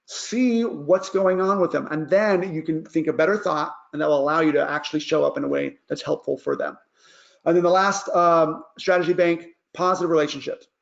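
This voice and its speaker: A man's voice: a little high, gravelly, muffled recording. A man who works as a life coach gives a casual parenting advice lesson and keeps checking in with "all right?".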